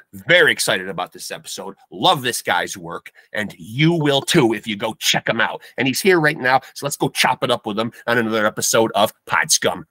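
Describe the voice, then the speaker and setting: A man's voice: on the low side, bright, forceful tone, no room sound. A man hosting a comedic podcast with hammy, bombastic showman patter. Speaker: podcast host.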